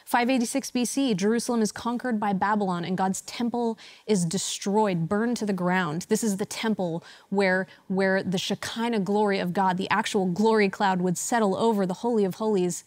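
A woman's voice: mid-range voice, normal speed, few pauses, a little mellow, no room sound. A woman in her thirties giving a church message, opening with a personal story and laughing at herself as she tells it. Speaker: church speaker.

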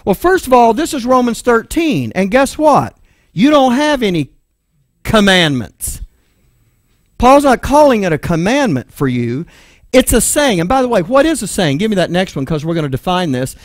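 A very animated Texan man with a high-pitched voice preaches from the Bible at normal speed, reading scripture and explaining it verse by verse. He questions the room, then answers himself, and asks an assistant for the next slide, captured in a dry, studio-quality recording.

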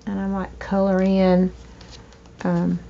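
A woman hosting a crafting video, chatting slowly to herself while she trims and glues, with hiccups now and then. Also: mid-range voice, completely flat delivery, vocal fry, dark tone. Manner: slow, chatty, talking to herself while working. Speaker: crafting channel host. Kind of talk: casual crafting narration. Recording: dull lo-fi home recording with faint noise.

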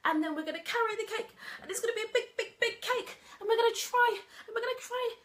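A woman's voice: extremely high pitch, fast, fairly bright tone, pitched above the performer's own voice. A woman putting on Miss Sparkle, a bubbly children's entertainer. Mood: gleeful sing-song. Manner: sing-song storytelling to small children. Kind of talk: acting out a nursery story.

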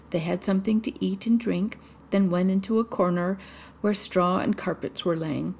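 Woman storyteller, fairy tale reading, gravelly and dark-toned. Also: medium pitch, steady tone, normal speed, a little hiss or hum.

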